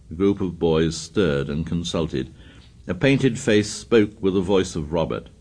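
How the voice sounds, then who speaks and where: Low-voiced male audiobook narrator. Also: expressive, unhurried, darkish tone. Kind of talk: scripted narration.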